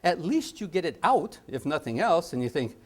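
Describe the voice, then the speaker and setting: A man's voice: on the high side, moderate pace. A middle-aged man teaching a parenting training session, joking and acting out little scenes as he goes. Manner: animated, jokey, acts out little scenes and sound effects. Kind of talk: lively training lecture.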